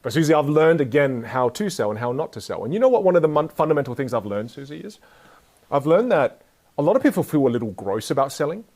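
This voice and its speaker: Energetic man giving a talk. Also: fairly high pitch, fast talker. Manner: energetic, playful, jokes with the audience. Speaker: speaker teaching communication skills. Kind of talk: live motivational talk to an audience.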